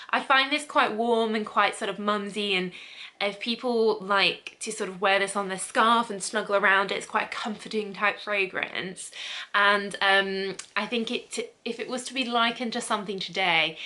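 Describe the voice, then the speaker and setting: A woman's voice: medium pitch, sharp tone. A young woman chatting casually through a perfume review, describing scents with frequent ums. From England. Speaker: beauty vlogger.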